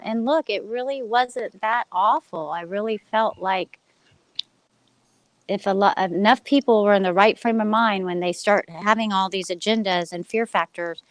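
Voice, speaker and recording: A woman's voice: mid-range voice, normal speed, dry recording. A middle-aged woman on a video call, talking earnestly about spiritual things in long rambling runs. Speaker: panel guest. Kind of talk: casual group chat on a call.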